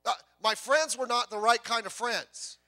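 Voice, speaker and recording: Jokes and rapid self-repeats mark this pastor's lively, chatty sermon, all delivered in a very high pitch.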